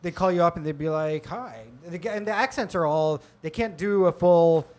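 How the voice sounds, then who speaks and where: A man co-hosting a comedy podcast, telling stories in a lively, animated way and acting out the people in them. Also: on the high side, fairly quick. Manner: animated storyteller, acts out callers. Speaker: podcast co-host. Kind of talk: casual comedic podcast chat.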